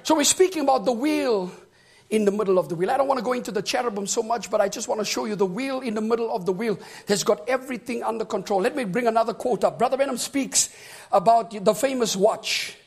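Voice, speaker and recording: A male preacher delivering a fervent sermon, often shouting and calling on the congregation for amens. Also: very high voice, fast.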